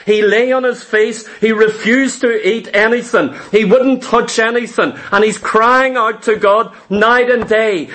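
A man delivering a fervent sermon with a notably high voice for a man. He tells scripture stories with drama, slipping into voices for the people he quotes. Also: fairly bright tone. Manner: dramatic storytelling preacher, acting out quoted voices. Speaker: preacher.

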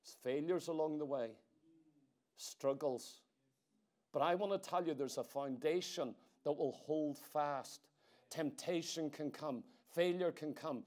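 High-voiced preacher. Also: male voice. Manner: emphatic, swings between forceful and hushed delivery; rhetorical questions to the congregation. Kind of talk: sermon. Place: church meeting room.

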